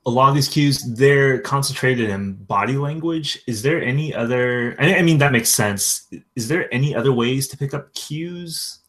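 A man hosts an interview podcast at a mid pitch, putting questions to his guest. He reads listener questions with some hesitant ums along the way. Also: moderate pace, few pauses. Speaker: podcast host.

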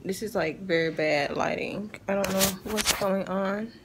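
A young woman vlogging in casual chat, frank and animated, talking with slang. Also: mid-range voice, measured pace, noisy background. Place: in a car.

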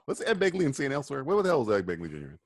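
Man, podcast co-host, casual movie commentary, jokey, laughs a lot, very animated pitch, dry close sound. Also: very fast, no room sound. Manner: jokey, laughs often, riffs loosely.

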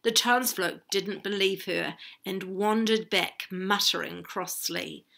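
A woman reads a children's story aloud, expressive and unhurried, stopping for chatty asides to her listeners. Her voice is bright, with a gravelly crackle. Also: mid-range voice.

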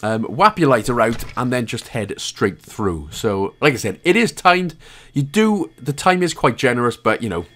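A man's voice: medium pitch, sing-song, normal speed, fairly bright tone. A Welsh man hosting a game walkthrough guide, giving jokey, chatty commentary with casual swearing. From Wales. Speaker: gaming guide host.

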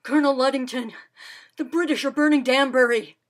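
A woman's voice: mid-range voice, takes it slowly. A woman voicing an exhausted young male messenger who delivers an urgent warning.

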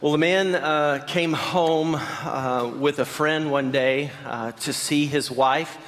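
A male pastor preaching in a church, his slightly high voice trailing off in a long hall reverb. He talks in a loose, conversational way, with frequent fillers and quick questions to the room. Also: steady tone, a bit bright. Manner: conversational storytelling, many fillers, asks the audience. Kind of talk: sermon. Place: church sanctuary.

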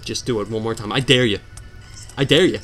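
A man commentating a hard video game, sarcastic and mock-dramatic, swinging from low mutters to sudden outbursts. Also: fairly quick, fairly bright tone, faint music behind. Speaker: gameplay commentator. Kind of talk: let's play commentary.

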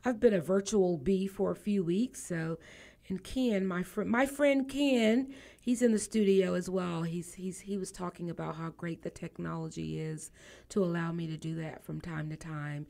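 A woman's voice: fairly low pitch, normal speed, creaky, mellow. A woman hosting a radio talk show in a studio, playful and teasing, laughing often.

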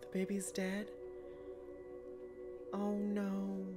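A woman hosting a video reaction to a TV episode, chatty and excitable, calling viewers honey. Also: mid-range voice, extremely slow, over music.

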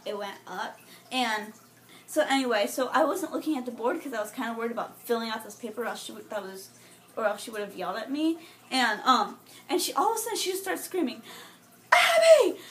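A teenage girl telling a rambling, self-mocking school story to camera, full of restarts and fillers, and she jumps into high, loud mimicking voices. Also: slight background noise. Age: teens. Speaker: vlogger.

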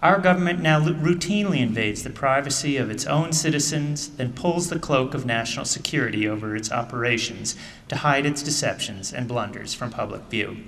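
A middle-aged man, an author speaking at a book event, reading aloud in measured tones and then telling a casual story full of fillers. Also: medium pitch, fairly bright tone, a little hiss or hum. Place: theater stage. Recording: distant mic in a reverberant theater hall.

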